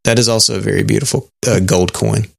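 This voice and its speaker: A man co-hosting a podcast in casual chat, talking in a halting way with many fillers and restarts. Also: on the low side, steady tone, gravelly, dry recording, clean studio sound. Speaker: podcast co-host.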